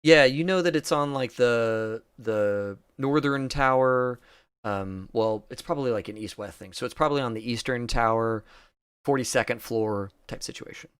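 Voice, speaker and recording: Running a tabletop RPG session, this game master narrates scenes in a hesitant, filler-heavy way. He has a medium-pitched, clean-toned voice, captured in clean studio sound without echo.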